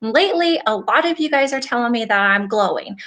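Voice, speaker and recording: A woman's voice: a little high, lively intonation, fast talker, a bit bright. A woman in her forties, a nail technician hosting a casual livestream, chatting in a rambling, upbeat, motivational way while reading viewer comments. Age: 40s.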